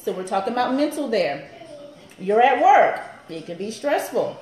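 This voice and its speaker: A woman's voice: on the high side, very animated, moderate pace, a little mellow, roomy sound, poor audio. A woman personal trainer in her thirties, chatting upbeat on a live stream to viewers and laughing often.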